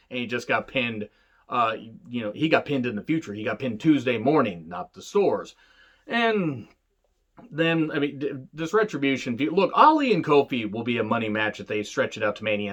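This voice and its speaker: A man's voice: mid-range voice, fairly bright tone. Sarcastic guy ranting about wrestling, swears a lot, kinda lo-fi mic. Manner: sarcastic, joking, rambling. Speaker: wrestling show reviewer. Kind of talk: casual profane commentary.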